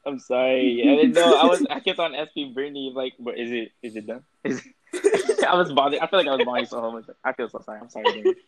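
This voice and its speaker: A man's voice: mid-range voice, sing-song, quick pace, over a noisy crowd, poor audio. A young man, a guest on a casual podcast, telling a story with sheepish giggles.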